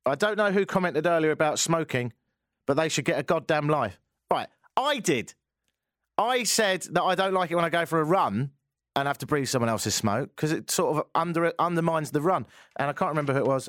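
A man hosting a radio talk show, reading listener texts with wry, animated commentary. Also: mid-range voice, no room sound, clean studio sound. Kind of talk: casual radio call-in chat.

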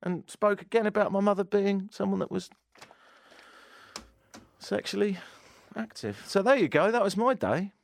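With a high-pitched, creaky, expressive voice, an English talk show host spins a relaxed story poking fun at himself. He moves at a moderate pace but lets long pauses hang.

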